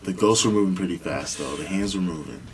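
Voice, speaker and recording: Here a young man with a low-pitched voice talks fast while co-hosting a podcast, telling stories casually and animatedly. He imitates the people he quotes. The audio is rough, with a little hiss or hum.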